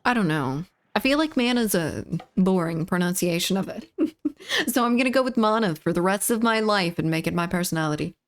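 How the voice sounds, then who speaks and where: A woman's voice: lowish voice, animated, brisk, slight background noise. A woman live-streaming a shooter game, chatting playfully with her chat, reading messages aloud and teasing viewers. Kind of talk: casual live-stream chat while gaming.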